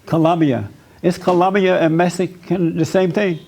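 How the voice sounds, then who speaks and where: A man's voice: sits high, steady tone, normal speed, vocal fry, a little mellow. A man hosting a church talk as pastor, blunt and joking, often laughing as he gives advice. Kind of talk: casual church counseling chat.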